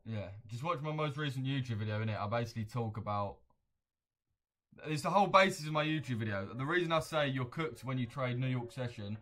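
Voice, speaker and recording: A man giving casual, slangy commentary while trading live, talking straight to his viewers. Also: medium pitch. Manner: slangy, chatty, addresses viewers directly. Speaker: livestream trader.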